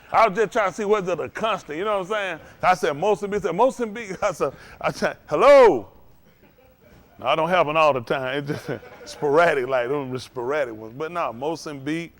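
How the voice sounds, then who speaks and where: Rambling older man preaching folksy sermon. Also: a little high. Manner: folksy, rambling, animated storytelling. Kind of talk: informal sermon.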